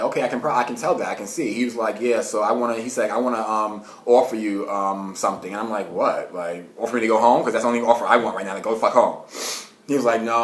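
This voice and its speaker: A young man tells a story in a casual monologue, animated and swearing, with quick rants and laughter. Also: lowish voice. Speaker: vlogger. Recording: roomy echo.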